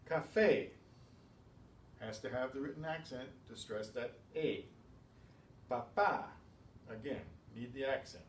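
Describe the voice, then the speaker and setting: A man teaching a beginners' language class, calling out each word loudly and then explaining it more quietly. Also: medium pitch, normal speed, few pauses. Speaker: Spanish teacher. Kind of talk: slow, patient pronunciation drill. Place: class room. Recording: roomy, from far off, faint hiss.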